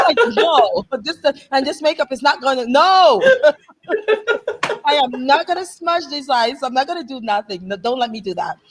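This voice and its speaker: A woman's voice: sits high, animated, unhurried, long pauses, background noise. A woman with a Canadian accent, a guest in a heartfelt conversation, talking animatedly and laughing often. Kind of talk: emotional conversation.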